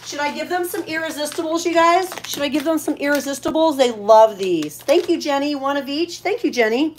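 A woman's voice: high-pitched, fairly quick, a little hiss or hum. A woman hosting a casual live shopping stream. She is chatty, thanks each buyer and stops to coo at her pets.

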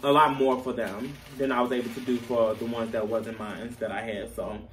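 A man's voice: mid-range voice, level tone, moderate pace, fairly bright tone. A young man talking casually to camera as a vlogger, candid and chatty, laughing at himself. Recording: distant camera mic, faint room noise.

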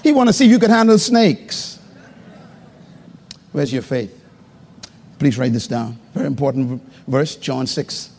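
A man preaching a live sermon as pastor to a congregation, calling for responses and swinging between loud high exclamations and low murmurs. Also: breathy edge. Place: church hall before a congregation. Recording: live recording with long hall reverb.

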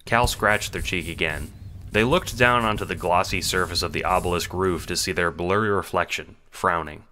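Deep, bright-toned man narrating. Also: slight background noise. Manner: measured storytelling reading. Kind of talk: scripted audio drama narration.

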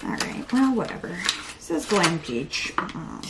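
A young beauty vlogger chats unhurriedly through a makeup tutorial in a lowish voice full of vocal fry and big pitch swings, under heavy background noise. She pokes fun at herself, talks to herself and sometimes whispers.

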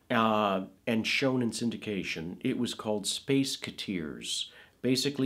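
A middle-aged man in a casual interview, animatedly recalling his film work, his voice trailing off softly at the ends of phrases. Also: on the low side. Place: Woodland Hills, California.

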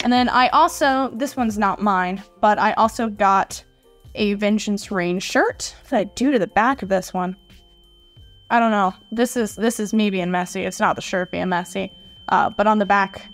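A woman's voice: medium pitch, normal speed. A young woman chatting playfully and gushing as she shows off her haul in a casual vlog. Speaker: model horse collector vlogger. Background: faint background music.

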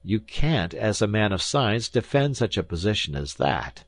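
A man's voice: lowish voice, sing-song, moderate pace, dry recording, pitched above the performer's own voice. A man voicing a skeptical young journalist who argues earnestly and with disbelief. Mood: incredulous. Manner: earnest, incredulous.

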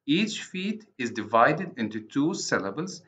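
A man with an Arabic accent, a native Arabic speaker, giving a university literature lecture, deliberate and repeating and rephrasing his points. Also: medium pitch, big pitch swings, fairly bright tone. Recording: dull lo-fi recording.

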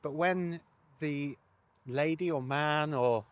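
A man's voice: on the high side, slow, no room sound. A man presenting a casual walkthrough of a motorcycle sat nav, chatty with wry asides.

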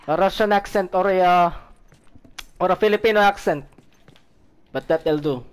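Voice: medium pitch, normal speed, long pauses, clear, resonant tone. A gaming video creator giving reaction commentary over gameplay, taunting and swearing at enemies, talking to the characters, laughing and yelping often. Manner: laughs often, sudden yelps and shouts; talks to the game characters.

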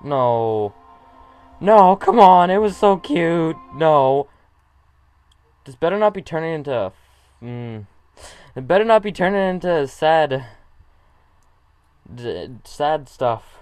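A man giving casual reaction commentary on an animated short, emotional and gushing, laughing often. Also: a little high, slow, pauses often, smooth, no echo, faint music behind.

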